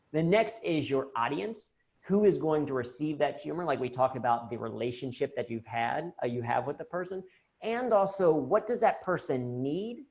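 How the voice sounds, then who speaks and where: Animated American man talking shop. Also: medium pitch. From United States. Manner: animated, jokey, self-deprecating. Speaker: humor and leadership speaker. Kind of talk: conversational talk and Q&A on a video call. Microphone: video call.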